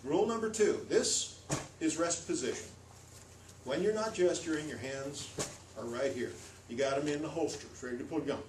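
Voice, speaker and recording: American man, playful workshop presenter, animated delivery, heard from a distance, faint room ambience. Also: moderate pace, noisy background. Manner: lively, playful, demonstrative, swings pitch and pace for effect. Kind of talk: live workshop talk to an audience. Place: hall with a live audience. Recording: echoey room, voice from far off.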